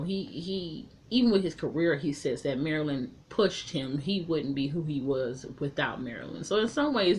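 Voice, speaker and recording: A woman's voice: low-pitched, darkish tone, slight background noise. A woman casually recapping and reviewing a TV episode, chatty and frank, swearing freely.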